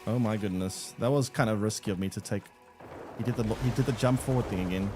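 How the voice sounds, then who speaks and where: A man's voice: on the low side, quick pace, darkish tone, faint music behind. A man streaming a game live, rambling and thinking aloud to his chat with many restarts. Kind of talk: live gameplay commentary to chat.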